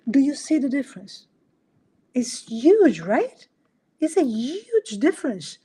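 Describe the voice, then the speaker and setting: A woman hosting a solo podcast in an animated coaching style, asking rhetorical questions and making small grammar slips. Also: high-pitched, takes it slowly, breathy edge. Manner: animated, acts out little dialogues, asks rhetorical questions. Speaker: podcast host.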